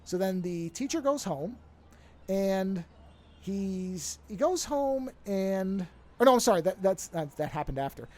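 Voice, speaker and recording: A podcast co-host retells a film plot casually, rambling along and fixing his own mistakes mid-story. His voice is high-pitched with a darkish tone, and he speaks at a measured pace with lively intonation.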